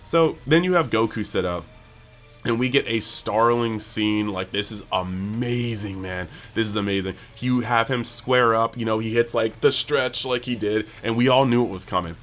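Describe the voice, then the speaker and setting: A man hosting a casual anime episode breakdown, talking excitably and peppering his speech with "like". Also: fairly low pitch, moderate pace, soft background music. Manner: excitable, heavy use of "like". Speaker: anime channel host.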